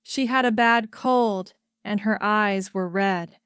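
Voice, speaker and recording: A woman reading a true story aloud in slow, careful scripted narration for English learners. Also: medium pitch, fairly bright tone, clean tone, dry recording, studio quality. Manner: careful, evenly paced reading.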